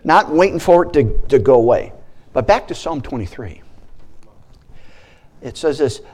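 Brief: male pastor delivering a sermon, animated with playful asides and a wide-ranging voice. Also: medium pitch, unhurried, pauses often.

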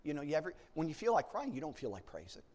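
A male preacher telling a personal story in sermon style, with a slightly high voice that rises and falls a lot. He drops into hushed low stretches, then bursts out loud, and repeats words as he restarts his sentences. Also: racing. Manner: animated, swings between hushed lows and loud excited outbursts.

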